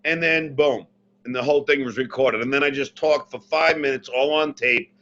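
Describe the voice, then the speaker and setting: A man telling a long prank story in casual chat, animated and self-mocking, recorded on his computer mic. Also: medium pitch, moderate pace, muffled recording. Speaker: podcast guest, former radio personality. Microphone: computer mic, not the podcast mic.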